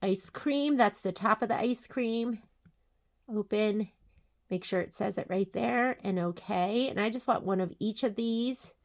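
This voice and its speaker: A woman giving a casual step-by-step crafting and cutting software tutorial, chatting to herself and to viewers as she works. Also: mid-range voice, unhurried. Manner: chatty, talks to herself while working, asides to viewers. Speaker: sewing and crafting instructor.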